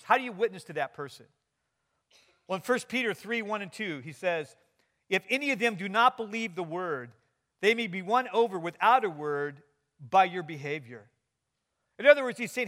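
A man's voice: high-pitched, bright, forceful tone. A middle-aged man preaching a sermon, telling stories with quoted dialogue and light humor. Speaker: pastor.

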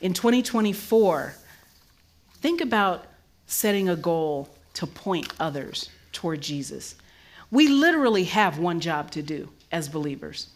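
A middle-aged woman pastor preaching a sermon, swinging from low and reflective to high, loud emphasis. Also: big pitch swings. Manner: drops low and slow for reflective moments.

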